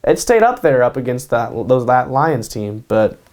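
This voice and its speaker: A man's voice: medium pitch, very animated, normal speed, a little mellow. A man hosting his own show, giving casual sports predictions in a hyped way, repeating his picks and tacking "baby" onto them. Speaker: host. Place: home in Kansas.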